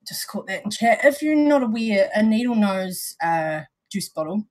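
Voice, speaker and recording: A woman's voice: mid-range voice, animated, normal speed. A woman with a New Zealand accent, co-hosting a casual chat and explaining things at length with lots of restarts. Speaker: vape show co-host.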